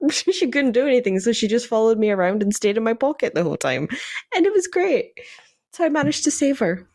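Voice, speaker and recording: A young Scottish woman telling lively stories about her tabletop game characters in casual chat, laughing often. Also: mid-range voice. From Scotland. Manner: animated, laughs often, many fillers. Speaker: podcast guest, D&D player.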